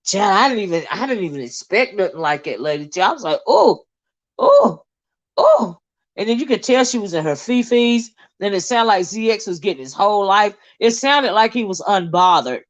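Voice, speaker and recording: A woman hosting a casual livestream gossip chat, reading viewer comments aloud in a chatty, laughing way with drawn-out asides. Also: medium pitch, expressive. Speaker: host. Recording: dull lo-fi sound.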